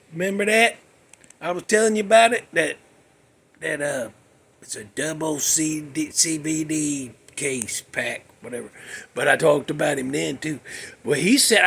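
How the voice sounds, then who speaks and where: Folksy man with a high voice. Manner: folksy, rambling, joking asides. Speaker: podcast host. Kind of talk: casual monologue. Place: cold room with a space heater.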